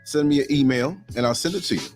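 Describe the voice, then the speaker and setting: An American man co-hosting a casual morning online show, telling stories with laughter and sudden high-pitched outbursts. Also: fast talker, faint music behind. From United States. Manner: animated storytelling, laughs often, jumps to high pitch. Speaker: co-host. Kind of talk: casual chat.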